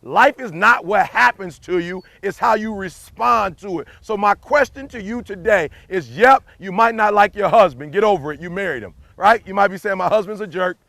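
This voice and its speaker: Fiery high-voiced motivational speaker man. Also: normal speed, vocal fry, hardly any pauses, pushed and bright, no room sound. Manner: emphatic, preachy, repeats key lines. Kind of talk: motivational speech.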